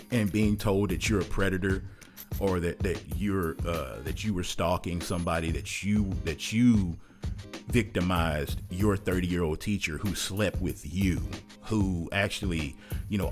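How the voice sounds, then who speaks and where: A man talking in an earnest, emphatic monologue, often repeating words as he pushes his point. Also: deep voice. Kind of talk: casual monologue.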